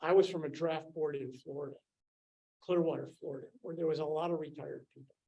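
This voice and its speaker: A man's voice: on the high side, steady tone, a little fast, dark tone, dull audio, slight background noise. Older male scientist, casual anecdotal storyteller, meandering with frequent fillers. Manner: rambling, with many fillers and restarts. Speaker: scientist recounting his career.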